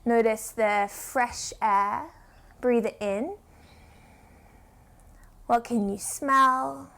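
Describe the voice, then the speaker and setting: Kids yoga teacher, woman: high voice, unhurried, playful and encouraging. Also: creaky, pushed and bright. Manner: playful, encouraging, asks children questions; slow, drawn-out instructions. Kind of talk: guided children's yoga story.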